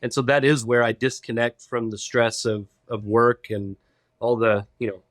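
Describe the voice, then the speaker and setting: Easygoing male podcast guest, mid-pitch, storytelling, dry sound. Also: flat delivery, moderate pace, no echo. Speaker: podcast guest, lawyer and pilot. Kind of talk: casual interview chat.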